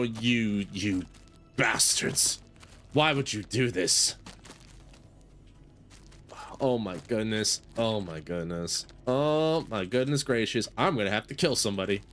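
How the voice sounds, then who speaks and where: A man's voice: fairly low pitch, a bit bright. A man giving casual gameplay commentary with a playful, mock-grumpy manner. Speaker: gaming video creator.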